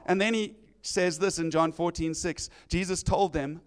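A man preaching a sermon, animated and conversational, acting out the voices he quotes. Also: sits high, normal speed, hardly any pauses.

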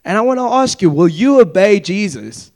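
Speaking at normal speed in a high voice, a young man gives a casual, conversational sermon. He animates it with asides and little acted-out dialogues, and he puts direct questions to his listeners.

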